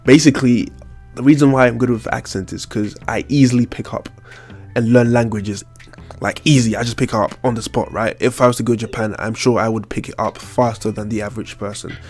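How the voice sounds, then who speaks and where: African accent guy hosting a podcast, mid-pitched voice, rambles and repeats himself, faint music behind. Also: fairly even intonation, brisk, a little mellow. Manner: rambling, repeats his phrases. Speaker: podcast host. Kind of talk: casual podcast chat.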